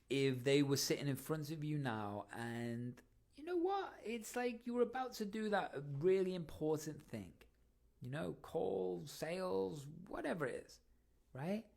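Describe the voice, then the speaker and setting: A man hosting a motivational podcast, coaching listeners with energetic questions. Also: a little high, creaky. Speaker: podcast host.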